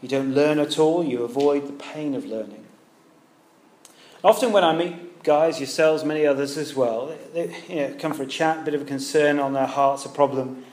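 A British man delivers a sermon with a slightly raised pitch, talking to the congregation and asking them questions as he goes. The room around him is echoey, with faint ambient noise behind. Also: moderate pace, a little mellow. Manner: conversational, rhetorical questions, occasional restarts. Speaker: preacher.

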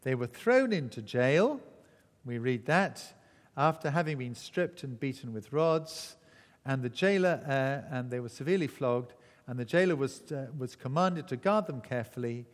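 A man's voice: medium pitch, animated, normal speed. A man preaching a sermon, telling the story vividly and acting out the voices. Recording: echoey hall.

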